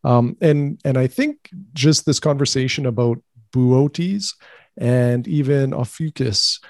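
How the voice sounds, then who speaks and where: A man co-hosting a podcast, talking in a measured, thoughtful casual way. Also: medium pitch, creaky, darkish tone, dry recording, clean studio sound. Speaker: podcast co-host. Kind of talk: casual chat.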